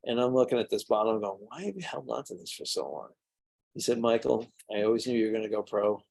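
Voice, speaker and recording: At a tasting, a middle-aged man who makes mead spins casual, rambling stories, restarting and using fillers along the way. His voice is lowish, gravelly and darkish, and he speaks quickly.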